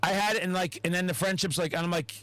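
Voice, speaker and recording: A podcast host, a man with a notably high-pitched voice, talks in a loose, animated way, swearing often and slipping into acted-out quotes. The sound is very dry, with no room around it. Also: quick pace, no echo, rough recording. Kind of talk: casual podcast chat.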